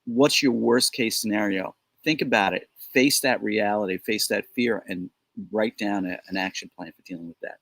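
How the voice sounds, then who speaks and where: A man's voice: lowish voice, moderate pace, creaky, a bit bright, dry recording, low-quality recording. A middle-aged man co-hosting a casual business chat, talking in a loose, rambling way with joking asides, recorded outdoors on his home deck. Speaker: co-host.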